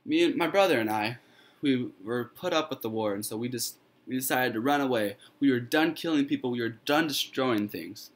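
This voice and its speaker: A man voicing a calm, friendly old wise man who lives alone on an island, in a told story. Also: medium pitch, a little fast, lightly acted. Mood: reflective.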